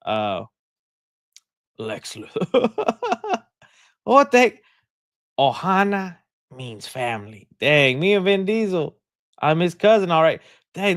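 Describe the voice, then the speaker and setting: A man's voice: on the high side, clean tone, no room sound, clean studio sound. A young man hosting a live stream, chatting casually, joking and laughing often as he rambles.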